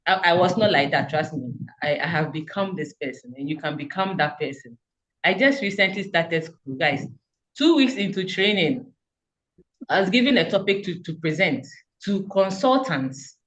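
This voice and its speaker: A woman's voice: on the low side, lively intonation, normal speed, a bit bright, low-quality recording. Earnest woman giving a fervent testimonial. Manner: fervent, repetitive, encouraging. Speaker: community member giving a testimonial. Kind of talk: earnest motivational speech.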